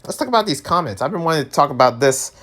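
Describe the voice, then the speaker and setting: A man vlogging in a casual rant, animated and exasperated, laughing often and tripping over his words. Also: rapid-fire. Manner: animated, exasperated, pitch jumps high when worked up.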